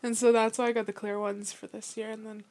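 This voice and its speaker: Young woman, chatty vlogger, rambling and upbeat, voice a touch high. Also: little pitch movement, fast talker, a little mellow. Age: young adult. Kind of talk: casual chat.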